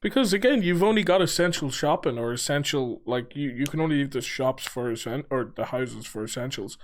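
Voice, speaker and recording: A young man co-hosts a casual podcast, rambling along with lots of fillers and offhand swearing. His voice is medium-pitched and fairly quick.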